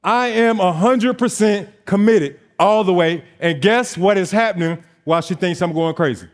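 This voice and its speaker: A motivational speaker in his twenties who owns a notary business takes the stage, animatedly relating his story and dramatizing bits of dialogue. He has a high-pitched voice and talks at normal speed.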